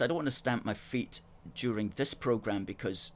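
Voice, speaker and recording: A man's voice: mid-range voice, normal speed. A man hosting a live talk show, arguing his case earnestly and reading viewer comments aloud into a table microphone. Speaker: host.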